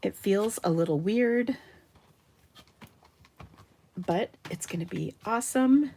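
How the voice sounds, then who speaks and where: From her home craft room, a Minnesota woman hosts a live card-making demonstration, chatting upbeat and laughing often as she works. Her medium-pitched voice is warm and expressive, with vocal fry, and she takes things slowly.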